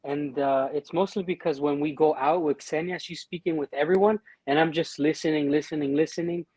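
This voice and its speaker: A man's voice: a little high, steady tone, a little fast, a little mellow, no echo. A man, a guest on a casual livestream, who laughs often and acts out quoted voices.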